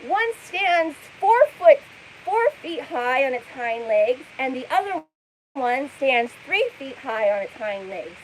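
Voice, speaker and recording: A woman's voice: high voice, big pitch swings, a little slow, hardly any pauses, slight background noise, voice pushed up, rough recording. A woman mimicking another woman who tells a dramatic story in a hyper, near-screaming voice. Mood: hyper, shrill.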